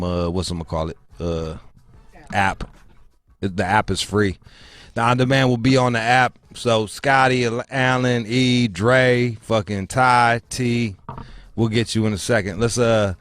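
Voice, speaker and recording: A man's voice: lowish voice, no room sound. A man hosting a call-in radio show, talking loosely with profanity and hype. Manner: loose, profane, hyped-up banter. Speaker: radio host. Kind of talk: casual talk radio.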